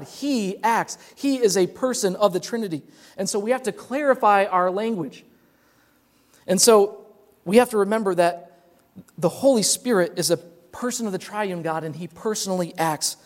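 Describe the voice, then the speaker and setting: High-voiced young pastor preaching. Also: male voice, darkish tone. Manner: earnest, repeats words as he explains. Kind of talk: sermon.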